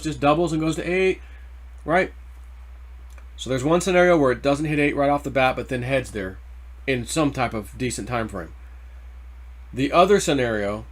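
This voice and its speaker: Rambling excitable man talking crypto. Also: medium pitch. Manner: rambling, excitable, quick to get worked up over price ticks; loose casual slang. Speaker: crypto channel host. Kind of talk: casual market commentary.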